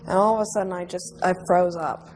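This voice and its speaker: A woman in her twenties recalling a childhood memory in an interview, in a halting, vivid way. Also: on the low side, fairly even intonation, darkish tone, rough recording. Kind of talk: emotional personal recollection. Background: music underscore.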